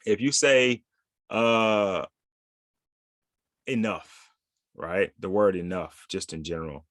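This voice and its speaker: A man with a fairly low voice talks through ideas in an easygoing podcast style. He keeps dropping "right?" to pull the listener along. The sound is dry and close. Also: fairly even intonation, slow pace, fairly bright tone, no room sound. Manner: conversational, lots of "right?" tag questions. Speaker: podcast host. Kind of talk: casual podcast talk.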